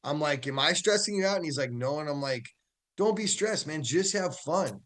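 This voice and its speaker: Man, football coach, chatty storyteller, laughs a lot, voice sits a bit high. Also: normal speed. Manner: animated storytelling, laughs often. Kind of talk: casual chat.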